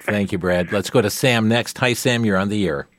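A man's voice: lowish voice, normal speed, a bit bright, dry recording. A man hosting a call-in radio show, taking callers and talking with his guest in a folksy, affirming way.

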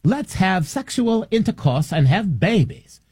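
A commentator doing a deliberately bad mock Maine accent for a bumbling rural hick. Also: medium pitch, very animated, darkish tone, husky, no room sound, studio quality. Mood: leering.

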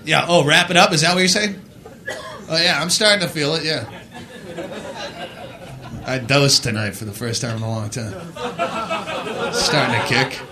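A man doing a stand-up set, ranting loudly with lots of swearing. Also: fairly high pitch, moderate pace, pauses often, a crowd in the background. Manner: ranting, profane, loud. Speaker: stand-up comedian.

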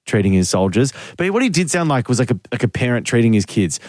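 Lively radio host, dry studio sound. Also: male voice, medium pitch, quick pace, no echo. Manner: storytelling, laughs often, lively. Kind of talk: casual radio banter. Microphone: studio mic.

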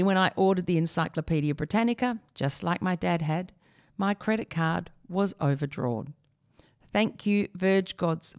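A woman with a slightly low voice reads a humorous column aloud. Her delivery is wry and expressive, leaning playfully on the jokes. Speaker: reader. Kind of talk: reading a humorous opinion piece aloud.

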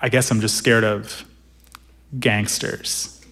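A man voicing a frightened young man who talks in a nervous, halting way. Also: fairly low pitch, level tone, noisy background, pitched below the performer's own voice.

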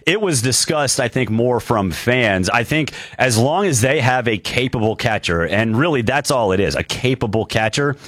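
A man's voice: mid-range voice, a bit bright, no echo, clean studio sound. Breathless male sports radio host. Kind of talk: sports radio call-in show. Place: radio studio.

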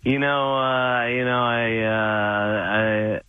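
A man from Minnesota calling in to a radio show, halting and stammering. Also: medium pitch, monotone, clean tone. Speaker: caller. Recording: tinny phone line.

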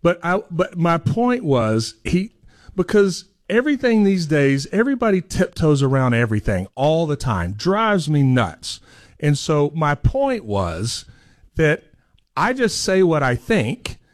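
A man's voice: fairly high pitch, very animated, unhurried, no echo. A man, co-hosting a podcast, blunt and dryly teasing. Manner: blunt, dry teasing humor. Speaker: podcast co-host. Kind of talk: casual chat.

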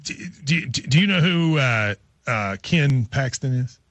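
A man hosting casual morning radio banter, chatty and teasing, with halting restarts. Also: medium pitch, animated, a bit bright, no echo. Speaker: radio show host.

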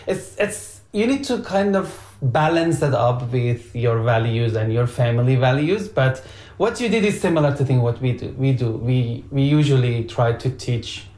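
A man in casual podcast chat, sharing parenting views in a halting way, often repeating words as he thinks. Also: medium pitch, animated, darkish tone. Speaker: parent, co-host. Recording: roomy echo.

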